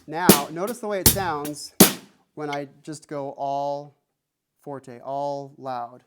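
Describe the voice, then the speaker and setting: A male instructor leads a drum lesson in a music room, counting aloud as he plays and keeping his talk simple. His voice is medium-pitched and steady, a little slow, with the drums loud in the background.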